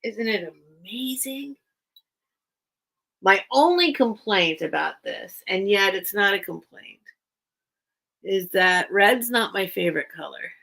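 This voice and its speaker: Rambly woman doing a live sale chat, gravelly bright voice, takes her time. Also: mid-range voice, lively intonation, measured pace, low-quality recording. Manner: rambling, chatty and enthusiastic. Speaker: online sale host. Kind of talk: casual live-stream chat. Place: at home among her collection.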